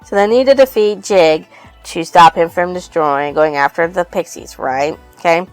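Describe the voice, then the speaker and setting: A woman's voice: on the low side, moderate pace, faint music behind, rough recording. A woman casually recapping a book's plot, rambling and swearing freely. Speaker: book reviewer.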